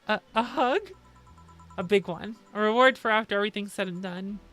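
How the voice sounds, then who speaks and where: A woman's voice: medium pitch, fairly quick, a bit bright, soft background music. A woman reading a visual novel's dialogue aloud on a stream, doing every part herself in a plain delivery.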